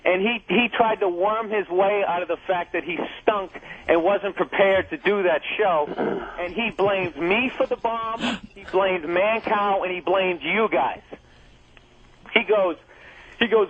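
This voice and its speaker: A man who is a comedian guest in a radio studio, arguing heatedly and indignantly, swearing constantly. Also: high-pitched. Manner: profane, indignant, fast ranting. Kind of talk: heated on-air argument. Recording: tinny phone-like radio audio.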